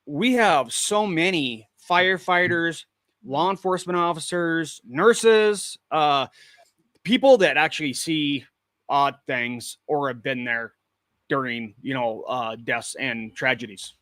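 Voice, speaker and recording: Bright-voiced plain-spoken man from Washington State. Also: a little high, takes it slowly, no echo, studio quality. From Washington State, USA. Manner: matter-of-fact, plain-spoken storyteller. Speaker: guest, paranormal investigator. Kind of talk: casual interview talk.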